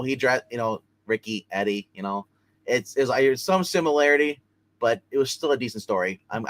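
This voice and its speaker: A man's voice: mid-range voice, a bit bright. A man hosting a live comic book review, recapping plots casually with many fillers and restarts.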